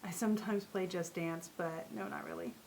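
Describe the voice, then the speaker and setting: A woman with a lowish, creaky, slightly mellow voice chats loosely with her viewers and the on-screen characters while playing a video game. She speaks at a moderate pace with fairly even intonation, recorded on a home desk mic, with slight background noise including household sounds and a dog.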